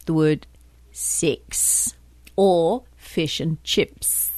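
Lively, slow-talking Australian woman. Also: fairly low pitch, no echo. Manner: crude, teasing, laughs a lot. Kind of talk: casual chat.

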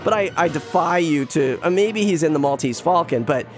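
A man chatting casually and telling an anecdote, rambling with restarts and jumping into quick impressions of other people. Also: fairly high pitch, expressive, soft background music. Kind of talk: casual storytelling chat.

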